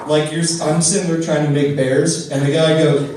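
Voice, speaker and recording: Young male comic, stand-up set, rants in loud exasperated bits, echoey room with audible background noise. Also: on the high side, moderate pace, distant mic. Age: young adult. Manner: animated storytelling, loud exasperated character bits. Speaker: stand-up comedian. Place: comedy club stage.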